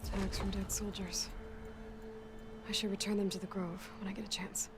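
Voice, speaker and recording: An actress playing a calm, matter-of-fact young woman hunter in a video game. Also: medium pitch, normal speed, background noise, lightly acted. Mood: musing.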